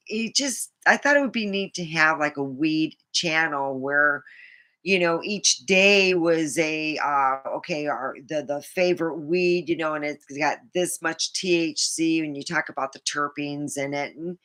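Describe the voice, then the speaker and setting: A woman's voice: deep voice, sharp tone. A middle-aged woman vlogging in a meandering casual monologue, full of fillers and frequent laughter.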